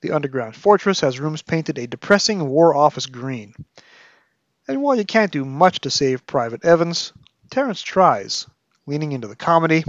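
A man's voice: on the high side, big pitch swings, normal speed, dry recording, dull audio. A man hosting a podcast, reviewing a novel with analytical, wry commentary and reading excerpts aloud. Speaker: podcast host.

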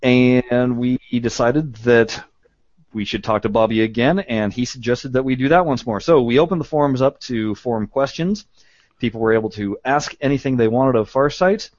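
A man hosting a podcast in casual chat. He is chatty, laughs often and fills his pauses with "uh". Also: mid-range voice, darkish tone, no echo, muffled recording. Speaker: podcast host.

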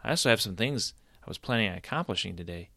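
A man voicing an eager young boy hero who asks questions and gets excited. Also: on the low side, fast talker, creaky, dry recording, clean studio sound, heavily acted. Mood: earnest.

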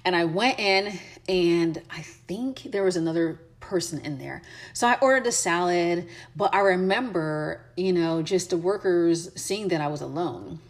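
A woman's voice: fairly low pitch, measured pace. An American woman giving travel tips in a casual, chatty way, with many fillers and restarts. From United States. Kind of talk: casual advice chat.

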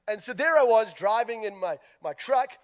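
This sermon features an Australian man at a moderate pace, recounting an amusing story that pokes fun at himself. His high voice stays lively and swings between loud and soft.

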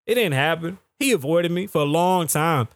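A podcast host from the Bronx with a somewhat high voice, ranting in a heated, profane way. The sound is close and dry, with little room around it. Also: male voice, lively intonation, moderate pace, fairly bright tone, no echo. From the Bronx, New York. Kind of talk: casual podcast rant.

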